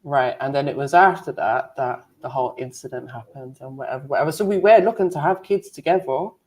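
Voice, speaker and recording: Woman, low pitch, frank storyteller, casual podcast chat. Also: fast, a little mellow. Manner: frank, storytelling with acted quotes. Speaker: panel guest.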